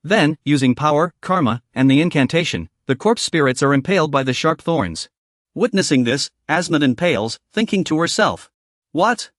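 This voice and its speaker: A man's voice: a little high, lively intonation, moderate pace, dry recording, clean studio sound. A man narrating a story recap in a scripted, dramatic storytelling voice.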